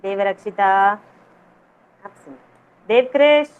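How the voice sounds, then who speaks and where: A woman's voice: medium pitch, slow pace, clean tone, narrow, tinny audio. A woman teaching a kindergarten class over a video call, coaxing the children with sing-song, repeated questions. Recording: noisy video call audio.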